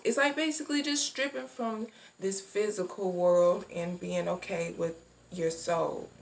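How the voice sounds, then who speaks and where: A woman talks slowly and reflectively about the soul, circling back over her points and dropping casual curses. She sits a bit away from the microphone, with a clear hum of background noise in the room. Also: lowish voice, fairly even intonation, far from the mic. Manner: reflective, loose and repetitive, casual swearing. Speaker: spiritual vlogger. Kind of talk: casual spiritual talk.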